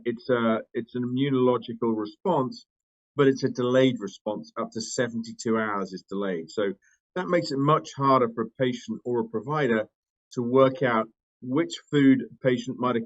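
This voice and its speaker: British man, fillers, muffled sound. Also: mid-range voice. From United Kingdom. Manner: thoughtful, many fillers and restarts. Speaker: company co-founder, guest. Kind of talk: conversational interview.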